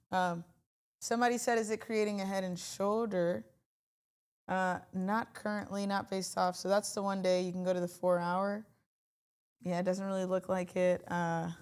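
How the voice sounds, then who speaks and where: A woman hosting a casual trading livestream, chatty and animated, talking straight to her chat. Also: mid-range voice, clean tone.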